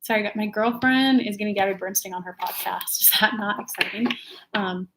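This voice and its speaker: A woman's voice: mid-range voice, normal speed, fairly bright tone, slight background noise. A young woman from California chatting casually on a livestream, rambling and laughing as she talks. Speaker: livestream host, tarot reader.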